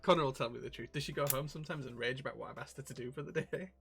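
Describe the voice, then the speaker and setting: A man's voice: medium pitch, rapid-fire, vocal fry, a bit bright, faint music behind. A man running a livestream, joking with his co-host and reading out chat comments. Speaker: streamer and keyboard shop owner.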